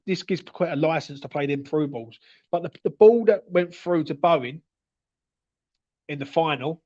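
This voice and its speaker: A fairly high-voiced man, talking casually to his livestream audience. He stumbles and repeats himself and keeps checking in with "yeah?" as he goes, and the audio sounds dull and lo-fi. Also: darkish tone. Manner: chatty, stuttery, tag questions like "yeah?" and "mate". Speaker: fan channel host reading viewer comments.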